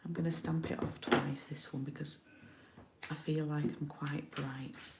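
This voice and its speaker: A woman's voice: deep voice, flat delivery, measured pace, echoey room, heavy background noise. A middle-aged woman from the UK giving a casual card-making tutorial, chatty and often checking in with her viewers.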